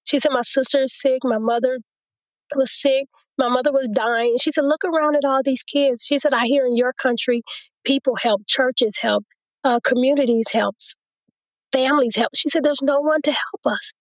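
Woman telling a faith story, higher voice. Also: moderate pace, dry recording, dull audio. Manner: storytelling, quotes others in a lively retelling. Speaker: guest. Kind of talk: personal testimony in an interview.

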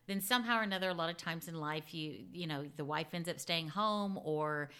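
A woman's voice: deep voice, brisk, fairly bright tone, clear, resonant tone. A woman talking frankly and with animation as an interview guest, laughing often. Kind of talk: casual interview chat.

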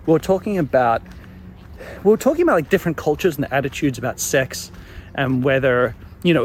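A young man telling his own embarrassing stories in a casual, animated way, chuckling along as he goes. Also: medium pitch, slight background noise. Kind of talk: casual storytelling monologue.

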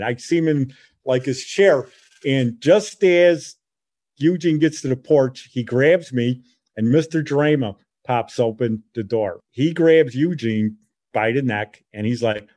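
A middle-aged man with a Chicago accent, telling a childhood story in a lively, casual way and acting out the voices of the people in it. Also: medium pitch. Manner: animated, acts out voices in his story. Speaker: podcast host.

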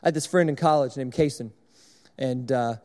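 A man's voice: medium pitch, normal speed, a little mellow. Conversational man preaching in a hall. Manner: conversational, illustrative, repetitive. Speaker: speaker at a church service. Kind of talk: sermon.

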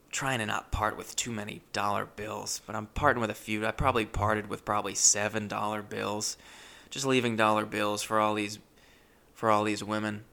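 A man's voice: fairly low pitch, creaky, sharp tone. A man telling a rambling, awkward, self-deprecating comic story with many restarts. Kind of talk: stand-up storytelling.

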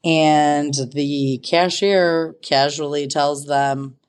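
Animated sweary woman telling a story. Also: sits low, unhurried. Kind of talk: casual storytime monologue.

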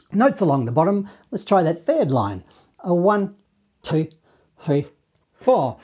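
A man teaching a saxophone lesson, walking through the notes in a relaxed, encouraging way and scatting the phrases. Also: a little high, slow pace, pauses often, breathy edge. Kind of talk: online music lesson.

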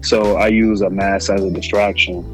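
A man who raps, answering interview questions in a calm, measured way. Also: sits low, low-quality recording. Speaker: rapper guest. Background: music playing.

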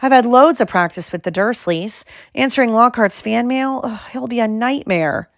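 A woman's voice: on the high side, moderate pace, no echo, studio quality, voice pushed up, lightly acted. A woman doing an earnest teenage boy wizard. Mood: weary. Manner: earnest and tense. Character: anxious, hollow-voiced teenage boy wizard.

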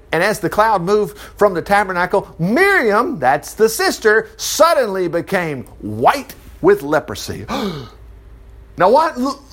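A man teaching from the Bible in a loose, conversational way, his voice sitting a little high and swinging widely from low mutters to excited peaks. He reads a verse, then stops to quiz his listeners and joke around before carrying on. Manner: animated, chatty, asides and rhetorical questions. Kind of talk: informal Bible study teaching.

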